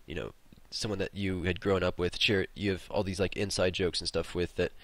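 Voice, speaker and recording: Gaming host, male, low register, rambling and profane, dry close sound. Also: flat delivery, a little fast, no room sound. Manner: rambling, swears freely. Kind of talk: casual storytelling over gameplay.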